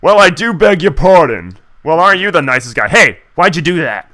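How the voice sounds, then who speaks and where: A man's voice: on the high side, very animated, a little fast, sharp tone. A man reading the lines of sneering young male bully creatures in a game, in a taunting, mocking way.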